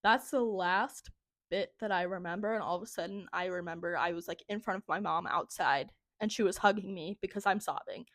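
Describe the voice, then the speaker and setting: A woman's voice: on the low side, brisk, a bit bright, no room sound, studio quality. A young woman telling a story as podcast co-host in casual chat, rambling with lots of "like" and frequent laughs. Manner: rambling, heavy use of "like", laughs often.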